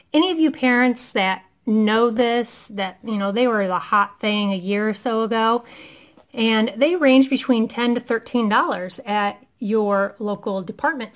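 Chatty mom gushing over a shopping haul. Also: female voice, fairly high pitch. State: losing her voice, clearing throat. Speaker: vlogger showing a shopping haul. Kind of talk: casual haul vlog narration.

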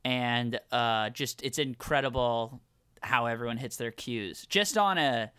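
A man's voice: medium pitch, measured pace, bright, forceful tone, smooth, no room sound, studio quality. A man co-hosting a comedy podcast, talking in a rambling, enthusiastic way. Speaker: podcast co-host. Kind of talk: casual chat.

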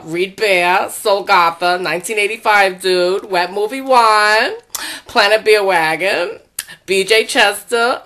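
A woman's voice: a little high, sharp tone. A woman hosting a channel, trading sassy, teasing insults in a comedy sing-off and laughing often. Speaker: channel host.

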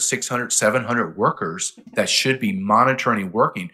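A man being interviewed who tells his stories in an animated, emphatic way. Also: fairly low pitch, moderate pace, soft background music. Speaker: interview guest. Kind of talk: interview talk.

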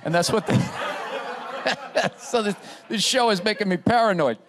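A man rambles through jokes in relaxed podcast chat. His voice sits fairly high for a man. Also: a little slow, noisy background. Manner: rambling, joking. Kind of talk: casual chat.

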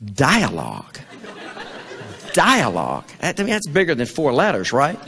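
Speaking at an event, an older Southern American man who served in Vietnam tells a folksy story to the crowd, stammering as he goes. His voice is a little high, sing-song, brisk, and a bit bright, recorded with long hall reverb and slight background noise.

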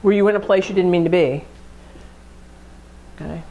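A woman with a lowish, dark voice lectures on addiction at an ordinary pace. Teaching in a conversational manner, this addiction educator talks through familiar examples and dramatizes the inner thoughts that drive them.

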